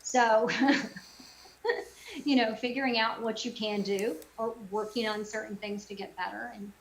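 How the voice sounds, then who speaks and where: A woman's voice: a little high, steady tone, unhurried, slight background noise, low-quality recording. A middle-aged woman voice actor chatting casually in an interview over a video call, with lots of fillers. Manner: chatty, many fillers and self-quotes. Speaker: voice actor guest.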